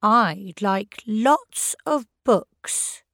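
A woman's voice: medium pitch, expressive, drawn-out words, a bit bright, dry recording, clean studio sound, heavily acted. A woman voicing a blunt, bookish girl who speaks in a matter-of-fact way.

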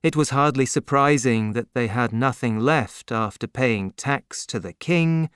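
A narrator reading a chapter of a novel aloud in a measured, expressive storytelling manner. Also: medium pitch, smooth, no echo, studio quality. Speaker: audiobook narrator. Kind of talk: scripted narration.

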